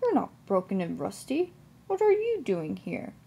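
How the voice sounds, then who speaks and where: A woman's voice: mid-range voice, measured pace, gravelly, breathy edge, exaggerated voice. A woman voicing a kind, indignant old male steam engine in a children's storybook reading. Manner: excited, pleading.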